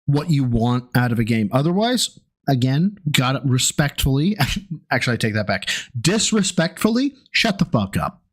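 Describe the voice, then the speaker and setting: A man giving sarcastic, profane reaction commentary, ranting in exasperation. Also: medium pitch. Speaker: co-host mocking a recap video.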